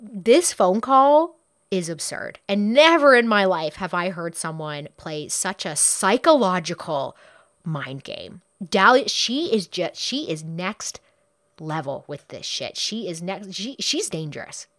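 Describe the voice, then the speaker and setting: A woman recounts a true crime case in a chatty, blunt way, swearing as she goes and slipping into quoted voices. Her pitch swings widely and expressively. The sound is close and dry, with no room echo. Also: very animated, measured pace, a bit bright. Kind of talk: casual true crime retelling.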